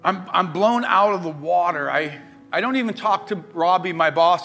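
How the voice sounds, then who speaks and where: Brief: middle-aged male pastor, high and bright, animated storytelling sermon, soft guitar playing underneath. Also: moderate pace, vocal fry. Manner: animated storyteller, acts out quoted voices. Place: church sanctuary. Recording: faint guitar music behind.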